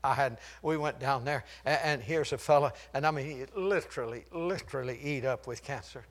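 An older man preaching a sermon, swinging from loud, shouted declarations to hushed storytelling and chuckling at his own jokes. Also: medium pitch, a little fast.

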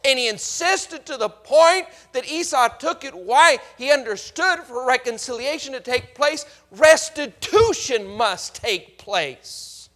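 A man preaching a sermon in a dramatic way, swinging from loud to hushed and acting out the voices he quotes. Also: extremely high pitch, animated, measured pace, few pauses.

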